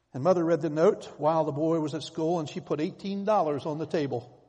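A man preaching in a slightly high, husky voice that rises into emphatic swells as he tells his stories. The sound rings with the long reverb of a church hall. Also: brisk, dark tone. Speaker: pastor. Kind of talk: sermon.

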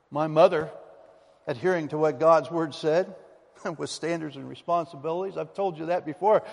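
Male pastor, sermon, emphatic folksy preacher, fairly high voice, long church-hall reverb. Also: darkish tone. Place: church sanctuary.

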